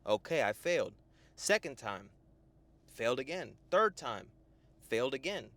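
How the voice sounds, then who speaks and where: A young man and life coach giving a profane, lively motivational monologue, often tagging "right?". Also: mid-range voice, a little slow. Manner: animated, profane, full of "right?" tags.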